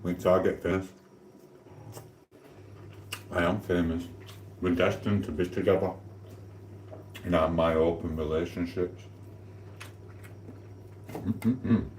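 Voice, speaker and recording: A man's voice: sits low, fairly even intonation, slow pace, pauses often, darkish tone, roomy sound, a little hiss or hum. A man hosting a casual live stream from his kitchen, rambling and cheekily flirting with his chat while eating. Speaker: livestream host. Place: home kitchen.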